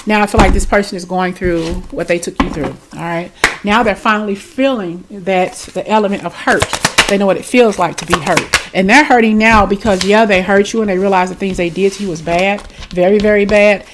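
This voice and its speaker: A woman's voice: medium pitch, fairly even intonation, fairly quick, heavy background noise. A woman giving a tarot reading, talking straight to her viewers in a chatty, reassuring way and often tagging lines with "okay?" and "you know". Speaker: tarot reader. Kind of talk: tarot reading talk to camera.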